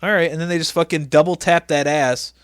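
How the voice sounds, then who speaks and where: A man's voice: fairly high pitch, fairly even intonation, fairly quick, clear, resonant tone, dry recording. A man co-hosting a casual wrestling podcast, swearing freely and acting out scenes. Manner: loud, profane, acts out bits with shouting. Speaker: podcast co-host. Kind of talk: casual wrestling recap chat.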